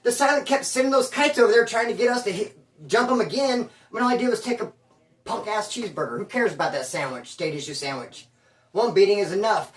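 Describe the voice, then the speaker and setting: A man who served time telling prison stories in a casual, slangy, animated streetwise way. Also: high-pitched, distant mic. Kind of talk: casual storytelling. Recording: roomy sound from away from the mic.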